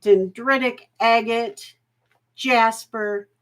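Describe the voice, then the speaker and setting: A woman's voice: on the high side, fairly even intonation, very slow, a bit bright. A woman hosting a live jewelry auction stream, chatty and folksy, laughing often and getting emotional.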